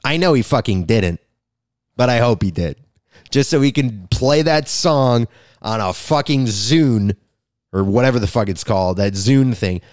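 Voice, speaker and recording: A man hosting a comedy podcast, ranting in a crude, profane, rambling way with sudden loud outbursts. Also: mid-range voice, no echo, clean studio sound. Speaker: podcast host.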